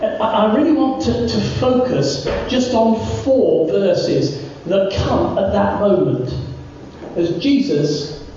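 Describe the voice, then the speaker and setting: A preacher giving a sermon who repeats words and phrases and slows down to stress key words. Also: mid-range voice, animated, dark tone, a little hiss or hum. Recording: very echoey, distant, dull church recording.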